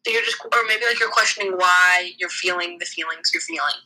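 A young woman co-hosts a casual podcast with an animated, laughing delivery. Her voice is very bright and forceful, with a husky, breathy edge. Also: on the low side, brisk, poor audio. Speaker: podcast co-host. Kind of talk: casual chat.

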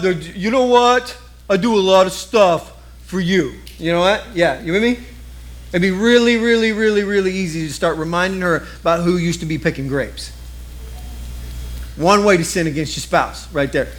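A middle-aged man preaching a sermon in a lively, conversational way, often turning to the congregation with quick asides. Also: high-pitched. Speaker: pastor.

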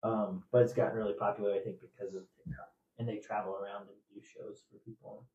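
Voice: deep voice, level tone, quick pace, crowd noise. A trivia podcast host from Indiana, chatting casually and telling rambling, laughing stories. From Indiana, USA. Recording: dull, roomy, distant mic.

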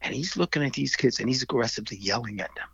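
A man telling a story in casual conversation as a filmmaker guest, animated, acting out the people he quotes and laughing often. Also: medium pitch, quick pace, vocal fry, husky, no echo, dull audio.

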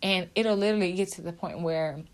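A woman's voice: lowish voice, brisk. Emotional young woman sharing her faith. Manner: heartfelt, repetitive, casual with fillers. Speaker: video creator. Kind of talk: emotional personal faith talk to camera.

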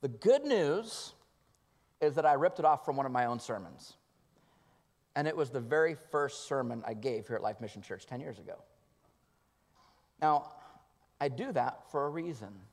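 A man preaching a sermon at a mid-range pitch. His delivery is earnest, rising to loud emphasis and then falling to quiet, hushed lines. The recording carries the long reverb of a church hall. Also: lively intonation, normal speed, long pauses. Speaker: pastor. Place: church sanctuary.

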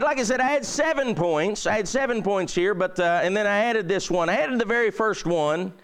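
Man, high voice, preacher, emphatic sermon delivery, repeats himself. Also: a bit bright. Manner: emphatic, repetitive preaching with swings of pitch.

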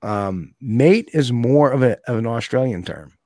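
A man's voice: medium pitch, animated, a little slow, a little mellow, no room sound, studio quality. A man co-hosting a casual chat, talking loosely, laughing often and breaking into playful accent impressions.

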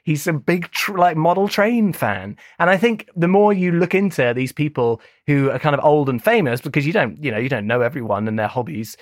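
Animated man, enthusiastic chat. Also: a little high, brisk, few pauses, dry recording, studio quality. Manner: animated, enthusiastic, laughs often. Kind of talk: casual chat.

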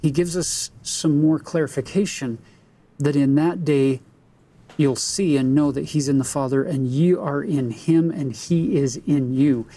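A man reading scripture aloud and commenting on it in a slow, emphatic, deliberate way. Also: fairly high pitch, fairly even intonation, mellow, husky. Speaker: scripture teacher.

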